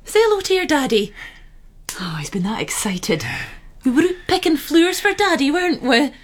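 An actress playing a young farm wife with a Scottish accent, talking in a soft, homely way. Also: female voice, extremely high pitch, animated, fast. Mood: anxious. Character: young farm wife, warm and eager to please.

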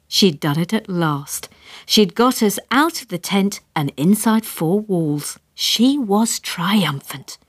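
A woman's voice: mid-range voice, expressive, slow pace, slightly rough, no echo. Wry woman narrating a story. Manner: wry, dry comic storytelling.

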